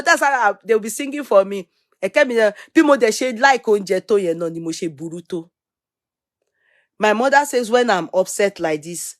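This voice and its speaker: A middle-aged Nigerian woman hosting a live stream, reading out viewer comments and shout-outs. She talks in an animated way at a medium pitch and drifts easily into Pidgin and Yoruba. The sound is dry and close, with little room tone. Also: normal speed, no room sound. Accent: Nigerian, Yoruba-influenced English. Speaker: livestream host.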